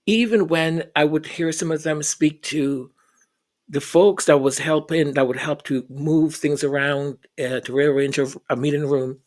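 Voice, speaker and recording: An earnest man speaking slowly and deliberately, in reflective commentary. He stumbles and repeats words as he works toward his point, and he slips into the voices of the people he quotes. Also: fairly high pitch, steady tone. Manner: earnest, repeats words while searching for them.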